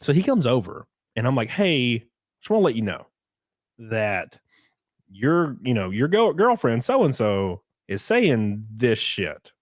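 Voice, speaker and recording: Lively rambling young man telling stories. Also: medium pitch, measured pace, dry recording, studio quality. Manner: rambling storyteller, swearing, laughing often. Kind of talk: casual podcast chat.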